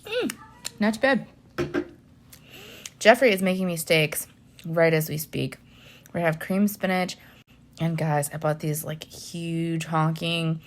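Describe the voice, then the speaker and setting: A woman's voice: low voice, slow pace, pauses often. A woman vlogger chatting casually to her viewers, rambling with lots of fillers and laughs. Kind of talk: casual chat.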